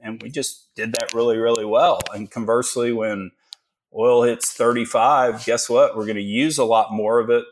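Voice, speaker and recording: A man's voice: medium pitch, steady tone, normal speed, slight background noise. A Texan man in his forties, a guest telling stories in a folksy, joking way with many fillers. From Texas. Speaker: guest, energy investor. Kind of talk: casual interview talk.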